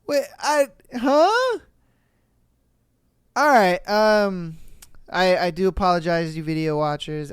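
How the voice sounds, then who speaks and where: Animated woman podcast host, smooth voice. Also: sits low, dry recording, studio quality. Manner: animated, swearing, retells scenes in voices. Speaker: podcast host reacting to a video. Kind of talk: casual reaction commentary.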